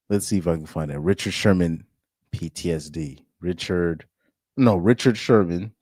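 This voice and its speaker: A man's voice: low voice, unhurried, pauses often, a little mellow, husky, no room sound, studio quality. A man hosting a casual live stream, reacting to a football game and laughing often as he rambles. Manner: laughs often, loose and rambling with many restarts.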